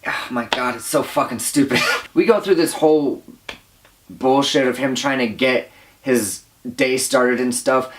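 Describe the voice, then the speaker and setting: A man's voice: mid-range voice, unhurried, a little hiss or hum. A young man giving a casual movie review, rambling with lots of fillers, exasperated and often laughing. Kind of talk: casual profane movie rant.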